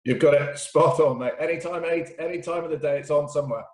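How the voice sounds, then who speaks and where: Male interviewer, quick and a little high-pitched, stumbling questions; echoey room. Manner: quick, friendly, stumbling questions with repeated words. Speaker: club interviewer.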